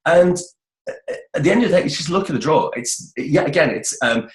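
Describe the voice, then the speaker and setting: A man's voice: a little high, lively intonation, a little fast. A middle-aged British man giving voice-over career advice in a casual, chatty interview, often restarting phrases. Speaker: voice-over expert guest. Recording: roomy echoey sound.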